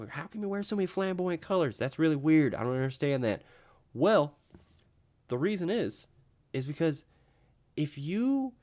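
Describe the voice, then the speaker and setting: A young man hosting his own talk show, rambling casually with lots of fillers and restarts. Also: medium pitch. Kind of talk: casual solo vlog monologue.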